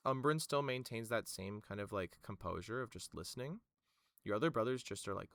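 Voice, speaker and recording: A man narrating a tabletop game as the game master, in slow, descriptive narration. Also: on the low side, expressive, gravelly, a bit bright.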